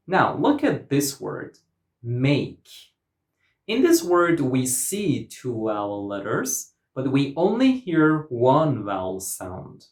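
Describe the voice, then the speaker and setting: A man teaching English pronunciation in a scripted online lesson, explaining clearly and deliberately and modeling example words. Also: mid-range voice, darkish tone, echoey room.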